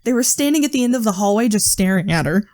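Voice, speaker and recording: This podcast co-host talks fast in an animated, mid-range voice with a somewhat dark tone. She tells creepy stories in a casual chat, peppered with swearing and nervous laughter.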